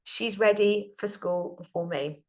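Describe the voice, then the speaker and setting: A woman's voice: mid-range voice, unhurried. A woman hosting her own podcast, talking in a heartfelt, rambling way full of fillers and restarts. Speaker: podcast host and business coach. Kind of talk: casual solo podcast monologue.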